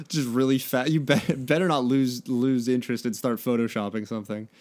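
A man's voice: medium pitch, a little slow, darkish tone. A man in his late twenties co-hosting a comedy podcast, reading fan fiction aloud and joking with laughter. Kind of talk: comic reading and banter.

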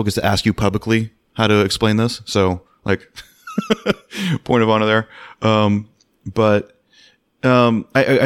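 Low-voiced man hosting, full of fillers. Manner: measured, circles round with many fillers. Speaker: podcast host. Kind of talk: casual podcast chat.

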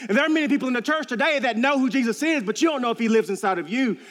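A man's voice: very high voice, expressive, racing, fairly bright tone, long reverb tail. A man preaching a sermon in a church, earnest and storytelling, repeating key phrases for emphasis. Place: church sanctuary.

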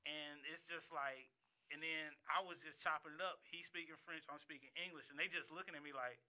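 Man, young adult, casual talk show co-host, laying out arguments point by point, bright and somewhat high. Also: fairly quick. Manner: animated storyteller, makes his points step by step. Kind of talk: casual panel chat.

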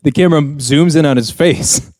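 A man's voice: fairly high pitch, moderate pace, darkish tone, no echo. A man hosting a casual comedy podcast over a video call, rambling through an episode recap with plenty of laughs. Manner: rambling, laughs often, acts out quotes. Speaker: podcast host. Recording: dry remote call audio.

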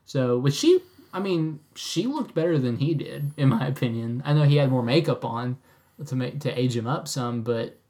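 A man's voice: mid-range voice, expressive, normal speed, dark tone. A man co-hosting a podcast, chatting casually about a film with an easygoing, playful manner and frequent chuckles. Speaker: podcast co-host. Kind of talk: casual movie-review chat.

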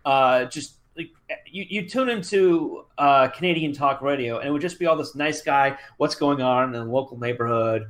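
A man's voice: mid-range voice, normal speed, a bit bright. A man in his thirties co-hosting a podcast in casual chat, rambling with many fillers and restarts. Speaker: podcast co-host.

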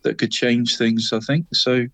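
A man's voice: medium pitch, steady tone, unhurried, fairly bright tone, no echo. A man co-hosting a local football podcast, chatting in a rambling way and tagging lines with "mate". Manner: rambling, says "mate" and "Deeks" constantly. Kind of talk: casual football chat.

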